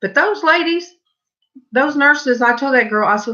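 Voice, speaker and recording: A woman's voice: sits high, animated, normal speed, sharp tone. An older woman with a Southern US accent, hosting a casual livestream and chatting with viewers in a rambling, folksy way that breaks off to answer comments. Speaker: host of a painting livestream. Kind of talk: casual chat with live viewers. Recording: dull lo-fi livestream audio.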